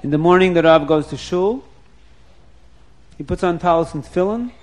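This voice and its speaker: A man telling a story in a lively, animated way, chuckling often and repeating words as he goes. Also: high-pitched, moderate pace.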